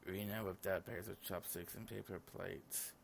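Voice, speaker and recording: A man's voice: low-pitched, steady tone, moderate pace, gravelly, slight background noise. A sleepy young man reading all the lines of a visual novel aloud in his own voice, with casual asides. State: sleepy, yawning. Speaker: gaming channel host.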